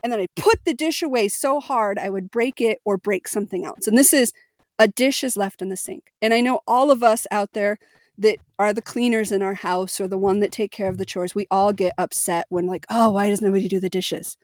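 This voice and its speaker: Young adult woman, podcast co-host, candid and emphatic storytelling, mid pitch, dry recording. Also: fairly quick, dry recording. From Missouri, United States. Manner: candid and emphatic, with laughs and fillers. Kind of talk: personal storytelling in a podcast chat.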